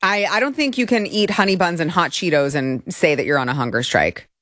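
A woman hosts an opinion show of political commentary, full of sarcasm and indignation, at times mocking people in put-on voices. Her voice sits low, animated, a bit fast and slightly bright. The studio sound is clean, with no room sound.

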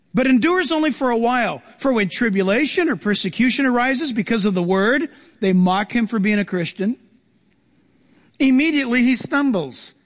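A man's voice: very high-pitched, in a large hall. A man preaching a sermon, reading scripture and acting out the voices of the people in it. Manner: animated, acts out quoted voices.

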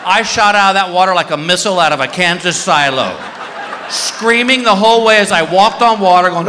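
Male stand-up comic, high lively voice, live hall sound. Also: brisk, noisy background. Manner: animated, acts out voices with big jumps. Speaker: stand-up comedian. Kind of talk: stand-up comedy storytelling. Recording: live hall reverb, faint ambience.

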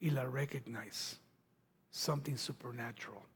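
A man preaching a sermon, retelling a Bible story dramatically, acting out the voices and dropping to hushed near-whispers. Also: mid-range voice, fairly even intonation, normal speed, husky.

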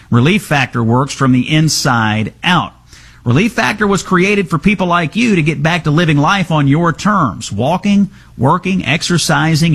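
A man's voice: fairly high pitch, fairly bright tone, breathy edge. A man hosting a political talk radio show, giving commentary and reading an ad in a confident, conversational way.

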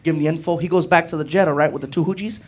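A man doing stand-up, telling an animated road-trip story and acting out friends' voices. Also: racing, slight background noise. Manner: animated, acts out voices of friends with high shouts. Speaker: stand-up comedian. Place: comedy club stage with audience.

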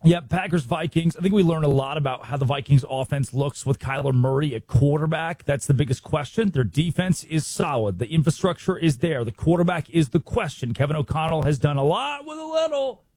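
An American man hosting a sports talk show, brisk and opinionated, firing rhetorical questions. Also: on the high side, animated, a little mellow, dry recording. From United States. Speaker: sports radio host.

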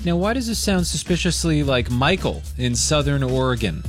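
Playful male radio host, animated delivery, light music bed. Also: fairly high pitch, moderate pace. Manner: playful, teasing. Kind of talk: morning radio banter. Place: radio studio.

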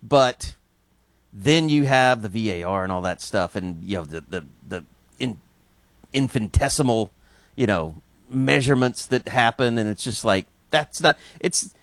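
A man's voice: mid-range voice, animated, measured pace, dry recording. A man from Scotland co-hosting a casual talk show, giving thoughtful, rambling opinions. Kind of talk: casual chat.

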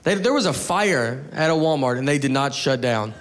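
A man's voice: medium pitch, expressive, moderate pace. A man doing a rambling, offhand, self-mocking stand-up bit. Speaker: stand-up comedian.

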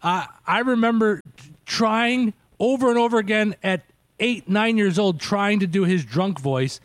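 A man in his thirties hosting a radio interview, chatty and quick to laugh. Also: high voice, no echo. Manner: laughs often, loose and chatty. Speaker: radio host. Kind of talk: casual interview chat.

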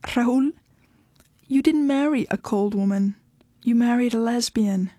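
A woman voicing an estranged wife who speaks firmly, flatly and with worn patience. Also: fairly high pitch, measured pace, dry recording, clean studio sound. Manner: firm, flat, impatient.

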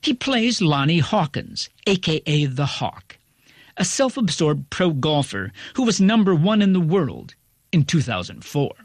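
A male critic reading a scripted review in a wry, articulate, measured way. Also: on the high side, no room sound, clean studio sound.

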